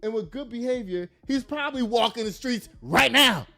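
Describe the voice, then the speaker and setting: A man's voice: very high-pitched, expressive, normal speed, sharp tone. A man giving blunt, profane, emphatic political commentary to his audience, laughing at his own jokes. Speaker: commentary host.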